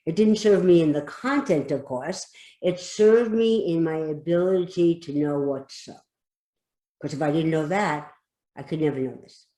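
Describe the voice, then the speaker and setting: An emphatic woman talks as an expert guest on a podcast, driving her points home by repeating them. Her voice is mellow and relaxed in tone. The sound carries a noticeable room echo. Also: deep voice, normal speed. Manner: emphatic, repeats key phrases. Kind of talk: podcast conversation.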